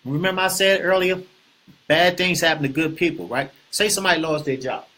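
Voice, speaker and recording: A man hosting a casual real estate talk, animated and preachy, often repeating himself and asking the viewers questions. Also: on the high side, fairly quick. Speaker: host.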